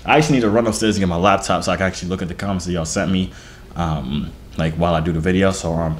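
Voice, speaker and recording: A man's voice: lowish voice, expressive, quick pace. A man in his twenties hosting a casual vlog, hyped and joking, full of street slang. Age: 20s. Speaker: video host.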